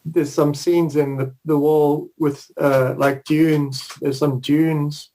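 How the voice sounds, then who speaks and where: A man's voice: on the high side, little pitch movement, slow pace, mellow, low-quality recording. A man who is a guest on a film podcast, asking curious questions. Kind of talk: casual film discussion.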